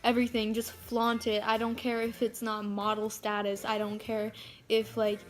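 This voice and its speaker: A woman's voice: on the high side, monotone, moderate pace. Chatty teen girl ranting on camera. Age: teens. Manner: chatty, frank, swears freely, lots of "like". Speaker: vlogger. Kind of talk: casual rant to camera. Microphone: phone camera.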